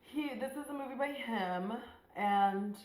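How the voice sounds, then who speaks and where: A woman's voice: fairly high pitch, a little slow, darkish tone, echoey room. A woman beauty vlogger chatting casually and profanely, joking as she recaps a movie while doing her makeup at home. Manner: chatty, profane, jokey, acts out scenes. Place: room at home.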